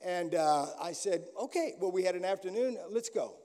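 With lively intonation and a moderate pace, an older American guest pastor preaches in a mellow voice that sits high. His sermon unfolds as folksy storytelling with frequent restarts, recorded in an echoey, large church hall.

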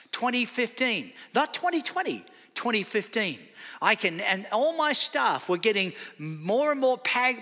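Preaching in a church sanctuary, an Australian pastor in his 50s speaks in a high voice that carries a long reverb tail. His sermon is animated storytelling, complete with acted-out dialogue.

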